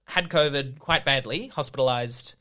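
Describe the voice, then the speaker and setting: A man's voice: medium pitch, moderate pace, bright, forceful tone. An Australian man co-hosting a comedy podcast, telling rambling stories and laughing often. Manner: rambling storyteller, laughs a lot. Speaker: co-host. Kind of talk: casual comedy podcast chat.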